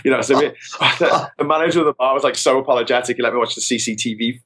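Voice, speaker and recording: A man's voice: medium pitch, fast talker, a bit bright. A man telling rambling, self-mocking travel anecdotes as a podcast guest. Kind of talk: casual storytelling. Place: podcast recording.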